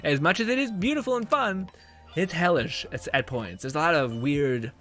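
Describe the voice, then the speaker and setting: A young man streaming a game chats loosely with his viewers in a slightly high voice. He rambles, swears freely and laughs between phrases, with faint game music under him. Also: animated, moderate pace, a bit bright. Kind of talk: casual chat with viewers while gaming.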